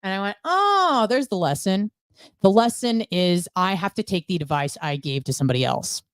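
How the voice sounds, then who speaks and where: A woman's voice: fairly low pitch, animated, brisk, clean tone, no room sound. A woman guest on a podcast, telling her story bluntly with frequent swearing. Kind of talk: candid conversational storytelling.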